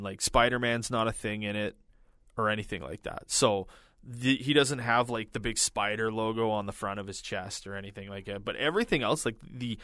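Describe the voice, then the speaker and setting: A man's voice: lowish voice, fairly bright tone, no echo, studio quality. A man co-hosting a casual podcast, rambling with lots of "like" fillers. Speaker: podcast co-host. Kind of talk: casual chat.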